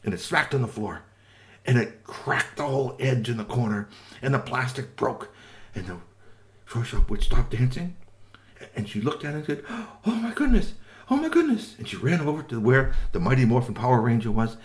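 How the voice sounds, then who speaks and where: A man telling a children's story with lively, sing-song narration and playful asides to listeners. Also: mid-range voice, normal speed.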